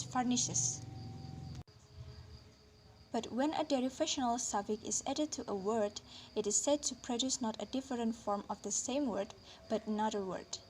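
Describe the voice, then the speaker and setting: A woman with a somewhat high voice reads a linguistics lesson aloud, careful and deliberate. She slows down on each example word. A faint hiss sits under her voice. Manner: careful, deliberate reading, slowing on example words. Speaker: lecturer.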